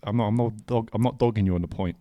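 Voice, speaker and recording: A young man co-hosting a podcast, joking around in a relaxed, rambling way with lots of fillers. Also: on the low side, fast, no room sound. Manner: laid-back, joking, trails off with fillers. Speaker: podcast co-host. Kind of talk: casual chat.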